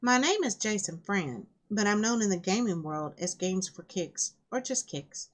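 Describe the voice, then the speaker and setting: A woman's voice: medium pitch, animated, normal speed, close to an everyday voice. A woman with a scratchy throat reading the lines of a polite, good-humored bearded Irish-German man who is lost. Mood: friendly.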